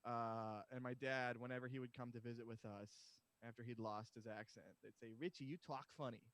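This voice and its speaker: A man's voice: medium pitch, flat delivery, a little fast, fairly bright tone, dry recording. A young man from Massachusetts co-hosting a comedy podcast, rambling and self-deprecating in casual chat. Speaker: podcast co-host.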